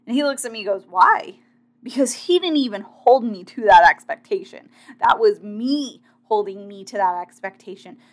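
A woman's voice: mid-range voice, expressive, normal speed, hardly any pauses. A woman in a casual motivational monologue, talking directly and chattily to her listeners as a fitness competitor sharing advice.

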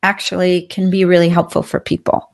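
A woman's voice: fairly low pitch, little pitch movement, fairly quick, vocal fry. A woman, a leadership trainer and coach, explaining her ideas as an interview guest in a confident, upbeat way.

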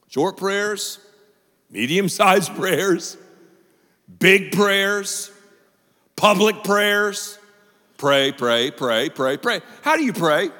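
Animated joking male pastor. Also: sits high. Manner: joking, animated, quick asides. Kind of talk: sermon. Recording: long reverb of a large hall.

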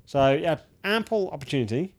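A man's voice: a little high, lively intonation, a little fast. A man in his thirties ranting in casual chat, swearing freely and restarting his sentences.

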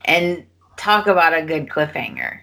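A woman hosts a podcast where she casually recaps soap opera episodes, chatting away and performing the characters' lines as she goes. Her low voice has lively intonation, vocal fry and a fairly bright tone, at a normal speed.

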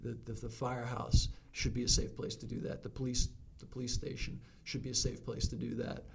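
A man's voice: mid-range voice, monotone, gravelly, darkish tone, a little hiss or hum. A man who serves as a fire chief, speaking reflectively as a podcast guest and often restarting his words. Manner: reflective, halting, with many restarts. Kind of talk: casual podcast conversation.

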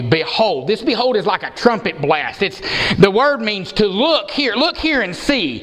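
A man's voice: high voice, fairly bright tone, long reverb tail, rough recording. A man preaching an expository sermon, emphatic and given to repeating words for stress.

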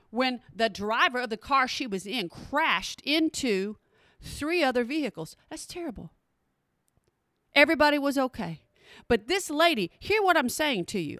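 Woman comic host, high voice, emphatic, talks to the crowd as "y'all," dry sound. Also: no room sound. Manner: emphatic, animated, talks straight to listeners with "y'all" and "hear me". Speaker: comedic host. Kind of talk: comic storytelling to an audience.

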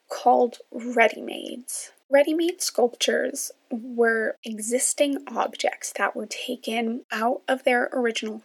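Gravelly-voiced young woman ranting casually. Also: on the high side. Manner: chatty, self-deprecating, rambling with asides. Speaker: podcast host. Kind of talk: solo casual rant.

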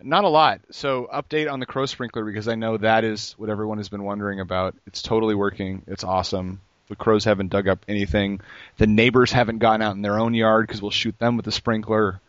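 A man's voice: fairly low pitch, fairly quick, no echo. A man co-hosting a podcast, joking and rambling in casual banter. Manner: jokey, rambling, lively. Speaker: podcast co-host. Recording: dull lo-fi sound, dry.

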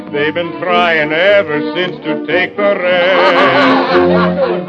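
A rousing Irish patriot tenor. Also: male voice, high voice, dull audio. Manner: sung with orchestra, operatic tenor. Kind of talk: sung musical number.

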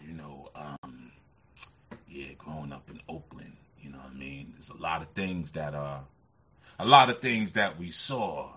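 A man imitating a laid-back man who talks low, soft and smooth. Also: heavily acted. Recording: slightly muffled lo-fi sound.

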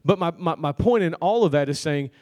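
A pastor tells a story in his sermon in a loose, conversational way, laughing and calling out to the congregation for an amen. His voice is on the high side, expressive and brisk, with a slightly mellow quality.

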